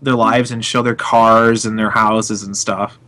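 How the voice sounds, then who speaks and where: A man's voice: fairly low pitch, flat delivery, a little slow, bright, forceful tone. A man in his twenties hosting a casual chat show, talkative and laughing often. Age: 20s. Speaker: podcast host.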